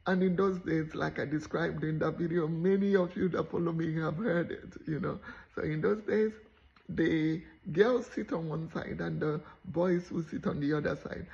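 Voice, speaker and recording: A woman tells a personal story as a motivational talk. She is animated and slips into the voices of the people she describes. Her voice has a gravelly edge, and the recording is a little dull and lo-fi. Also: sits low, moderate pace. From Nigeria. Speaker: motivational speaker.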